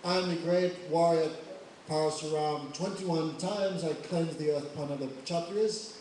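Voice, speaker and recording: A man's voice: on the high side, steady tone, fairly quick, slight background noise, lightly acted. A man voicing a furious, boastful warrior sage. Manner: shouting, boastful. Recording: echoey hall, mic far off.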